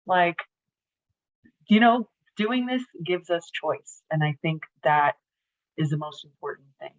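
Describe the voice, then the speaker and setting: A woman's voice: lowish voice, lively intonation, takes it slowly, dry recording. Chatty woman on thin phone-like audio. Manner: chatty, with little laughs and fillers. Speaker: program participant. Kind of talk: casual testimonial on a video call. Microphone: video call. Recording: dry, phone-like call audio.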